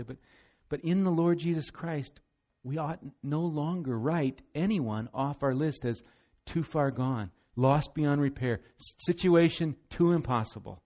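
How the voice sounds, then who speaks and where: A man's voice: fairly high pitch, a little slow, warm tone. A man preaching a sermon as pastor, earnest and emphatic, often repeating words as he goes.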